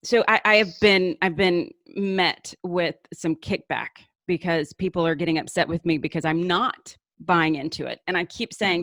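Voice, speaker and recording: A woman's voice: fairly low pitch, normal speed, fairly bright tone, no room sound, clean studio sound. A woman hosting an interview show, talking casually and earnestly with many restarts. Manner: eager, restarts often, earnest. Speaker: show host.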